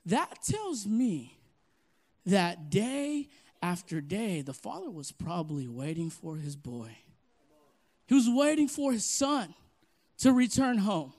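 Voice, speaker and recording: Young pastor, high voice, energetic preaching with loud-soft swings. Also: male voice, takes it slowly. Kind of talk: sermon.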